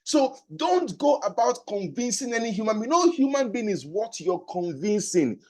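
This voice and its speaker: A man's voice: high voice, very animated, normal speed. A man giving a motivational sales training talk, emphatic, repeating key phrases and asking rhetorical questions. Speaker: sales and business coach.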